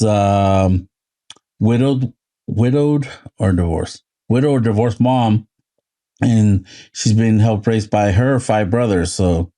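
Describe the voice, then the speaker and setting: Low, mellow-voiced guy for a loose, rambling podcast chat. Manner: rambling, loose, swears casually. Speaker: podcast co-host. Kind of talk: casual chat.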